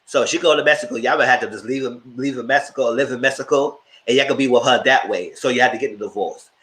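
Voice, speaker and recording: A man hosting a live show, giving animated, opinionated commentary on reality TV and talking straight to his viewers. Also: mid-range voice, fast talker. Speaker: host reviewing reality TV.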